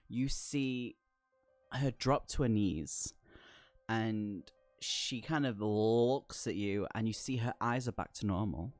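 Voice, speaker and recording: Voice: medium pitch, darkish tone, no room sound. A game master narrating a tabletop game, laughing often between descriptions.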